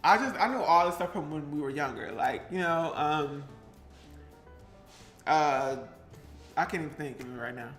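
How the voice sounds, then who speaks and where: A man's voice: a little high, normal speed, long pauses, fairly bright tone, faint music behind. A man from New Jersey, a vlogger, chatting casually and rambling while he bakes at home. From Pleasantville, New Jersey. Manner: chatty, rambling, breaks into song snippets. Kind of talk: casual live-stream chat while baking. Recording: roomy echo.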